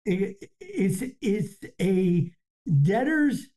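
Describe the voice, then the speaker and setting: A podcast host in casual conversation, explaining a point in a measured way and citing references. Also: medium pitch, sing-song, dark tone.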